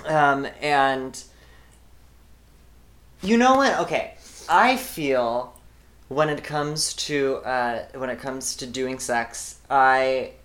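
A woman's voice: rumbling low, expressive, very slow, long pauses, echoey room. A woman guest on a podcast, telling a candid story in casual chat and joking as she goes. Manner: candid, joking, trails off and restarts.

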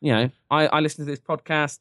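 A man's voice: a little high, steady tone, fast talker, a bit bright, no room sound. An English man co-hosting a podcast, chatting casually with dry, ironic humor. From England. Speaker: podcast co-host.

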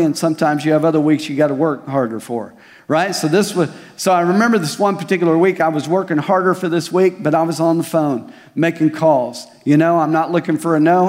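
A man's voice: fairly high pitch, darkish tone. Man preaching a sermon in a reverberant hall. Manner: preaching with rhetorical questions and personal stories. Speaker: pastor. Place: church service at a community center.

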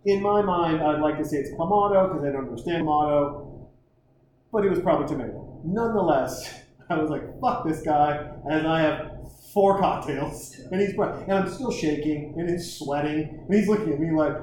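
A man's voice: fairly high pitch, normal speed, a little mellow, heavy reverb, a little hiss or hum, poor audio. A man telling a crude, rambling, self-mocking comic story and acting out the other people in it.

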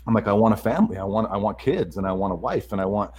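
A man candidly telling a personal story, halting and repeating words as he restarts his sentences. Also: lowish voice, expressive, darkish tone, husky, poor audio.

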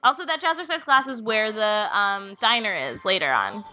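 A woman's voice: mid-range voice, animated, normal speed, sharp tone, faint music behind. A woman co-hosting a podcast, chatting casually through a movie watch-along with sardonic, swear-heavy remarks. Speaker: podcast co-host.

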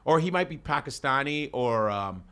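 A man's voice: mid-range voice, lively intonation, moderate pace, bright, forceful tone, smooth. A man talking in brash, profane, casual comedic banter as a podcast host, often cutting across his co-host. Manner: brash, profane, talks over others.

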